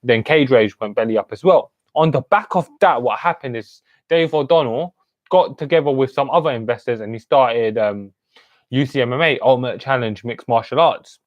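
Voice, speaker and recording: A man's voice: mid-range voice, moderate pace, no room sound, dull audio. Chatty man hosting a live stream. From United Kingdom. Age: 20s. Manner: chatty, greets viewers by name with street slang. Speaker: host.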